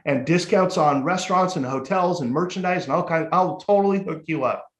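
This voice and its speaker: A man in a relaxed podcast chat tells his story with lively candor and the odd curse word. His voice sits a little high, and the recording carries a noticeable room echo. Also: brisk. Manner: lively and candid, casual swearing. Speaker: guest, motivational speaker and life coach. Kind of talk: storytelling in a casual podcast interview.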